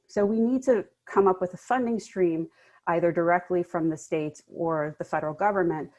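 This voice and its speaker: A woman law professor giving fast, emphatic remarks on a panel. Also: fairly low pitch, darkish tone.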